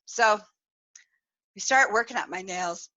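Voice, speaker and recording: A woman podcast host telling a story in casual, animated talk, laughing often and using many fillers. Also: mid-range voice, unhurried, no echo, highs cut off. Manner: animated, giggly, lots of fillers. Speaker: podcast host, sexual wellness specialist.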